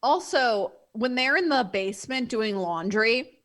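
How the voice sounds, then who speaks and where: A woman co-hosting a podcast in casual chat, animated and full of "like" fillers. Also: on the high side, measured pace. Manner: animated, often acts out quotes, many "like" fillers. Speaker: podcast co-host.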